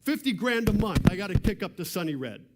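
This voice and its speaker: A man's voice: sits high, sing-song, fairly quick, heavy background noise, pitched above the performer's own voice. A man voicing an irritable male mob crew boss with a headache, in a put-on mobster accent.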